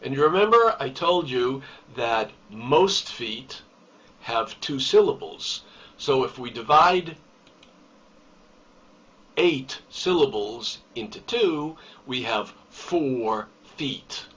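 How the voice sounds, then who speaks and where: A man teaching a recorded poetry lesson, explaining terms slowly and deliberately and stressing key words. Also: mid-range voice, animated, a bit bright. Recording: distant, dull lo-fi recording.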